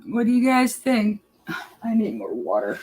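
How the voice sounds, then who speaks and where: A woman's voice: on the high side, wildly swooping pitch, measured pace, darkish tone, low-quality recording. A woman live streaming, rambling casually to her chat in a blunt, profane way. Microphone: laptop mic.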